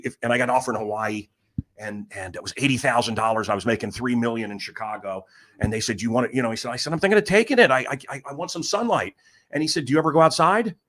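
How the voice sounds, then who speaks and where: A middle-aged man hosting a podcast, telling rambling stories in a casual chat and acting out the voices of people he quotes. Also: medium pitch. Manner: rambling, animated, acts out quoted dialogue. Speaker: podcast host. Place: room in a house.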